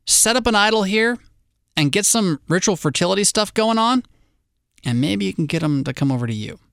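A man's voice: high-pitched, lively intonation, fairly quick, creaky, fairly bright tone, clear, resonant tone, no room sound, clean studio sound, pitched above the performer's own voice, full character voice. A man putting on a whiny, excuse-making prophet. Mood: shrugging. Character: greedy self-serving male prophet, whiny.

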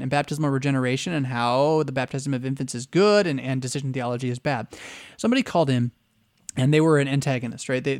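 A pastor giving a conversational teaching lecture, often checking in with his listeners by asking "right?". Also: mid-range voice.

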